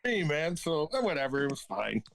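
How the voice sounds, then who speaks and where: A man in his fifties, once a hockey enforcer, guests on a podcast and tells rough, laughing anecdotes full of swearing. His voice sits a little high. The sound is dry and close. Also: big pitch swings, fairly quick, a bit bright, no echo. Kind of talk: casual storytelling.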